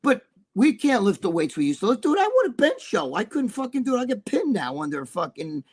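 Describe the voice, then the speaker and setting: A man's voice: high voice, wildly swooping pitch, a little fast, breathy edge. A middle-aged man co-hosting a casual live-stream chat, rambling through profane stories. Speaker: co-host.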